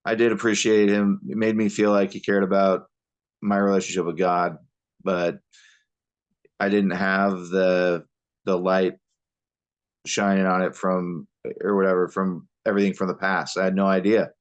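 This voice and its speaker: Low-voiced man telling his story haltingly. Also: flat delivery, highs cut off. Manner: halting, many fillers and restarts. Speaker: podcast guest. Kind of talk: personal storytelling.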